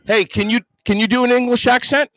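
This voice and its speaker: A man's voice: very high-pitched, fairly even intonation, brisk, fairly bright tone, dry recording. A man hosting a casual street interview, handing out promotional prizes and coaxing people in a playful way. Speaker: host handing out movie promos.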